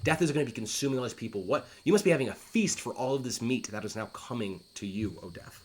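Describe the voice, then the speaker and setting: A man's voice: mid-range voice, lively intonation, fast, darkish tone. Casual man explaining Shakespeare lines. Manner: conversational, paraphrases quoted lines, frequent fillers and restarts. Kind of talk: casual explanatory lesson reading aloud.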